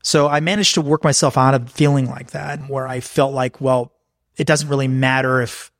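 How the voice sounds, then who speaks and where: A man's voice: medium pitch, level tone, normal speed, creaky, dry recording, studio quality. A man talking as a podcast guest, frank and anecdotal, acting out the exchanges he describes. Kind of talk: candid conversational storytelling.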